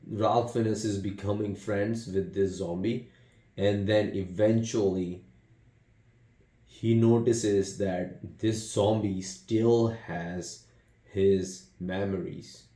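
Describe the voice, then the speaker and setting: Male film reviewer, casual and unscripted, low voice, unhurried delivery, lots of fillers. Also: dark tone, roomy sound. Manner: rambling, retells scenes, many fillers and restarts. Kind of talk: casual spoken movie review.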